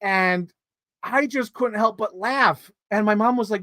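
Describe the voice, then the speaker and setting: Excitable rambling man reviewing movies. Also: high-pitched, normal speed, dry recording, studio quality. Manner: excitable rambling storytelling with swearing and fillers. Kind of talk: casual movie review vlog.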